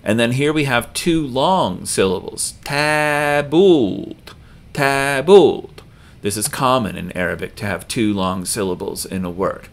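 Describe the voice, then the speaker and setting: A man with a fairly low voice teaches a video lesson. He speaks slowly and patiently and says each example word twice, louder and with heavy stress. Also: gravelly. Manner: slow and patient, repeating example words with loud stress. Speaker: language teacher.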